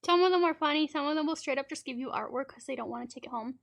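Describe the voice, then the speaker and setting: A woman's voice: sits high, racing, gravelly. A woman streamer from Canada telling rambling, laughing anecdotes in a casual chat and acting out children's lines.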